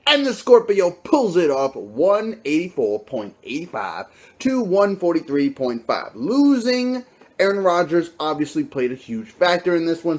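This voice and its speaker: A young man with a high, lively voice runs through a casual weekly fantasy football recap. He is brash and swears freely, talking trash at his league mates. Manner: brash, profane trash talk.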